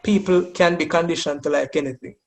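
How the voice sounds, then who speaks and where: High-voiced Jamaican man, lively debate. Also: fast talker, slight background noise. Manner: animated, sings snatches of songs to make points. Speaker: podcast co-host. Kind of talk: casual debate chat.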